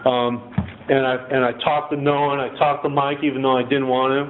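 A man tells his recovery story in a loose, rambling way, peppering it with "man" and "you know". His voice sits at an ordinary pitch. The audio is thin and phone-like, with a faint hiss underneath. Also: level tone, a little fast.

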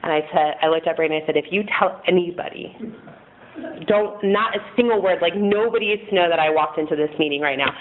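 A woman's voice: fairly low pitch, fast. A woman in her thirties giving a frank, rambling personal testimony to a group in a meeting room, often laughing at herself. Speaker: speaker sharing at a recovery meeting. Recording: tinny phone-like recording, faint noise.

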